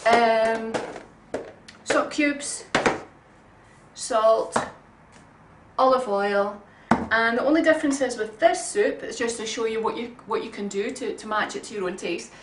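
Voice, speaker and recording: A woman giving a relaxed, homely cooking demonstration in her kitchen, chatting along with frequent ums. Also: fairly high pitch, a little slow, background noise. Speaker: home cook. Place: home kitchen. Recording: roomy kitchen sound from a distant mic.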